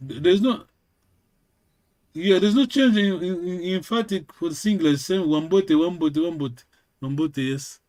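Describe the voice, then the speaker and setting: A man's voice: high voice, moderate pace, darkish tone. A man who speaks natively, teaching a language lesson. He is patient and repeats words many times.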